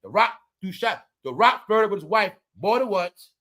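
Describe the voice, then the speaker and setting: A man giving animated, slangy casual commentary, often turning to his viewers. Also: sits high, normal speed. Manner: animated, slangy, keeps addressing the audience. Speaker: commentary vlogger.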